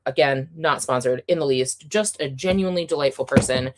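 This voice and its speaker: A young adult woman hosting a livestream, chatting casually and excitably with viewers, with many fillers and frequent laughter. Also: very deep voice, brisk, background noise. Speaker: livestream host.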